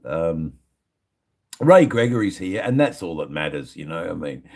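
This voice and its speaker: A man's voice: low-pitched, sing-song, moderate pace, a little mellow. An Australian man hosting a casual livestream from his shed, rambling and greeting viewers in the chat one by one. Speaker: livestream host.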